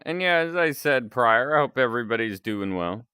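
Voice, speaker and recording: A man's voice: mid-range voice, animated, normal speed, bright, forceful tone, clear, resonant tone, dry recording, clean studio sound. A man chatting casually on a live stream, rambling and chuckling between remarks.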